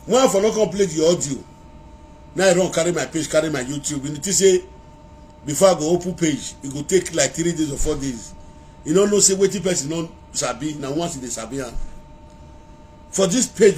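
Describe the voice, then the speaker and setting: Male vlogger, Nigerian Pidgin accent, a bit high-pitched for a man; rambling live-phone monologue with chanted praise calls. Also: lively intonation, a little fast, a little mellow, a little hiss or hum. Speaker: social media vlogger. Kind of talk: casual live-video monologue. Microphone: phone held to face.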